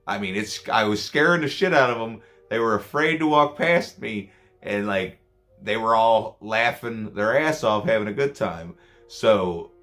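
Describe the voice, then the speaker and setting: Speaking a bit brightly and on the high side, a man vlogs about his job as a scare actor. He tells the stories casually to the camera, rambling, swearing and poking fun at himself.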